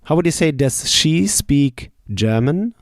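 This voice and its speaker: Slow, careful language teacher man. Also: a little high, expressive, no room sound, clean studio sound. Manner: asks a question, pauses, then says the answer slowly. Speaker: German teacher. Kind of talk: slow drill lesson.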